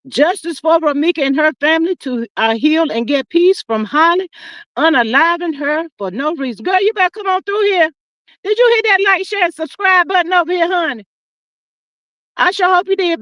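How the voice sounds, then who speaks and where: A middle-aged woman hosting a livestream, chatting casually with viewers and reading their comments in an animated, talkative way. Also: very high-pitched, normal speed, no echo. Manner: chatty and animated, calls viewers "child" and "y'all". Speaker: livestream host. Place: sitting outdoors.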